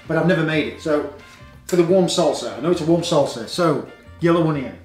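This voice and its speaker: Brief: upbeat Yorkshire cook, a touch high-pitched, roomy kitchen sound. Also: male voice, a little fast, a little mellow. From Yorkshire, England. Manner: chatty and upbeat, talking through each step. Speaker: chef and cooking show host. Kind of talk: casual cooking video narration. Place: home kitchen. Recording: echoey kitchen with faint music. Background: faint background music.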